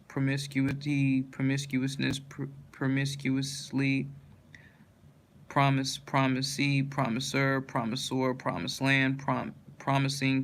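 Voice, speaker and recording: A man reading a long dictionary word list aloud, one word after another in a steady monotone, restarting words he stumbles on. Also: medium pitch, gravelly, a little hiss or hum.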